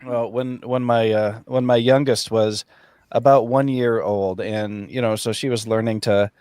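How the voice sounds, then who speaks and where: A man's voice: medium pitch, steady tone, unhurried, darkish tone, clear, resonant tone, no room sound, clean studio sound. A man hosting a casual author chat over a video call, talking with chatty enthusiasm and laughing often.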